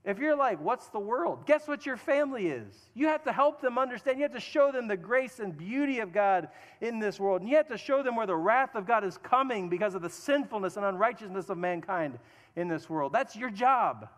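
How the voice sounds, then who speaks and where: A man's voice: sits high, animated, brisk, a bit bright. A man preaching a sermon to husbands, earnest and self-deprecating, acting out little asides. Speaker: pastor. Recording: long hall reverb.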